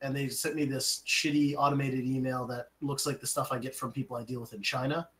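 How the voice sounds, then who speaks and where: A man's voice: medium pitch, little pitch movement, brisk, fairly bright tone, low-quality recording. A young man co-hosting a podcast, telling long profane stories in casual chat. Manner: profane rambling storyteller. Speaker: podcast co-host.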